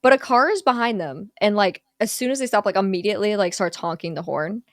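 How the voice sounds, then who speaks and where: A young woman recapping a movie in casual chat, animated and quick to act out the characters in little quoted voices. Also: medium pitch, no room sound, studio quality. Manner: animated storyteller, acts out film characters in quotes. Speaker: podcast host recapping a film.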